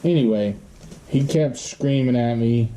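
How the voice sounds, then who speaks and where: A man telling a story in a casual monologue, blunt and profane, swearing constantly and pausing often as he goes. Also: medium pitch, warm tone, slight background noise.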